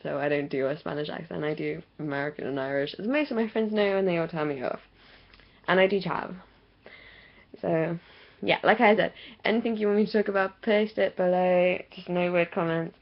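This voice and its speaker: A young woman with an English accent rants to her camera, rambling and laughing at herself. Her voice sits low with a gravelly fry. The sound is dull and lo-fi, like a built-in webcam mic. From England. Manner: chatty, rambling, self-mocking, laughs often. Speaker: vlogger. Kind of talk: casual ranting monologue to camera.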